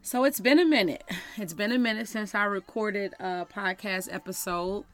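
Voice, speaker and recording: A woman's voice: medium pitch, moderate pace, fairly bright tone, dry recording, faint music behind. A woman hosting a faith podcast, talking earnestly and conversationally about prayer and rest, with scripture quotes. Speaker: podcast host and minister. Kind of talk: devotional podcast talk with scripture reading.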